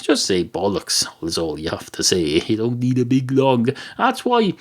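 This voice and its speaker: A man's voice: medium pitch, huge pitch swings, moderate pace, creaky, few pauses. An Irish man hosting a solo comedy podcast, rambling and sardonic, with many "uh" fillers and mock-outraged asides. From Ireland. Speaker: podcast host.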